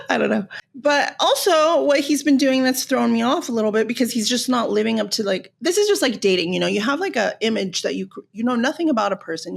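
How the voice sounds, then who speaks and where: A woman from Los Angeles hosting a podcast, ranting in an animated, sarcastic way and swearing freely. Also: fairly high pitch, gravelly. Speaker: podcast host. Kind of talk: casual rant.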